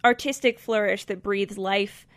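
Hosting her podcast, an American woman from Colorado mixes casual, reflective talk with poetry readings, using fillers as she goes. She speaks at medium pitch with a steady tone, a measured pace and a fairly bright sound, free of echo.

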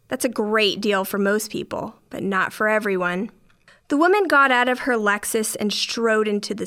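A woman's voice: mid-range voice, pushed and bright. A middle-aged woman narrating a first-person story in a dry, wry way.

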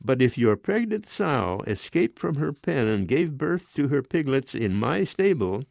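Old guy doing a stubborn peasant, sarcastic and slow and pointed, a bit raised pitch, dry sound. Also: very animated, gravelly, darkish tone, no echo. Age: 90s. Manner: sarcastic, indignant. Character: proud stubborn male peasant neighbor.

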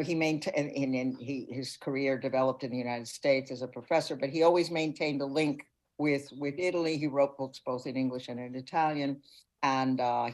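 A woman's voice: rumbling low, rough recording. An older woman, a foreign correspondent, giving reflective interview answers and searching for her words.

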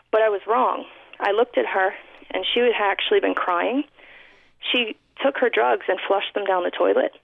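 Here a guest author from New York City talks through her life story on a radio program, heartfelt and reflective, restarting her sentences often. She has a creaky, mid-range voice with no echo, carried over a dry, thin line that sounds like a phone.

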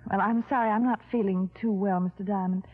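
A woman's voice: medium pitch, fairly even intonation, a little fast, breathy edge, natural voice. A woman playing a cool, evasive widow with something to hide in an old radio drama. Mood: guarded. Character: scheming widow, cold and guarded. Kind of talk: 1940s radio drama acting. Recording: tinny old radio broadcast.

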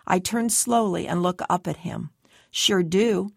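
A woman narrates a first-person story in a low, heavily gravelly voice. Her reading is close and dry, and she lightly shades the voices in the dialogue. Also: normal speed, no room sound. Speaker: audiobook narrator.

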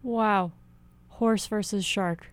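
A woman hosting a radio interview, asking measured, thoughtful questions. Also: medium pitch, fairly even intonation. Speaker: radio host.

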